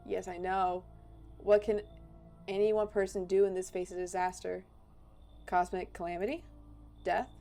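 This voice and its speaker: A woman voicing a calm, menacing otherworldly visitor in a game, speaking in a slow, taunting, philosophical way. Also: on the low side, creaky, faint music behind. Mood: taunting, eerie.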